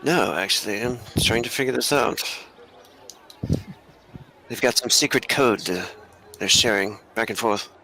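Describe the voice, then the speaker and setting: Polite proper gent , guy playing him, bright voice, formal and kinda puzzled. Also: medium pitch, measured pace, gravelly, pauses often, a little hiss or hum. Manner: courteous, formal, slightly puzzled. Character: polite, proper gentleman in a hat.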